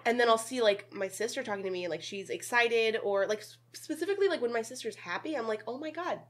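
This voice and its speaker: A young woman in casual conversation, animated, laughing often and swearing freely. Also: fairly high pitch, fast. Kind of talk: casual chat.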